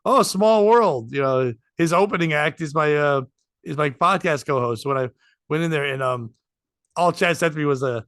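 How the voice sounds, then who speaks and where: High-voiced, bright animated man telling a story. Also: normal speed, smooth, no echo. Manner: animated, self-mocking storyteller who acts out dialogue. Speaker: podcast co-host. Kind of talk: casual storytelling chat.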